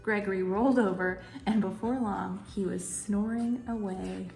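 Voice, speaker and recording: A woman librarian leading a children's story time, reading a picture book aloud in a lively way. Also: medium pitch, moderate pace, vocal fry. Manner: animated, cheerful with children. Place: in front of a green screen. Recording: roomy echo, faint music.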